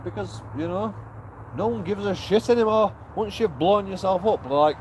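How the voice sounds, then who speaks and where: A man's voice: high-pitched, normal speed, slight background noise. Heated, swearing man outdoors. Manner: heated, profane ranting. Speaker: vlogger. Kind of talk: walking street vlog rant. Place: outdoors on a town street.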